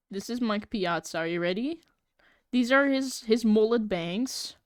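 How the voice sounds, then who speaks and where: A woman's voice: mid-range voice, clear, resonant tone, no echo, studio quality. A young woman live-streaming as she draws, chatting casually in a giggly, rambling, playfully exasperated way. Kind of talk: casual live-stream chat while drawing.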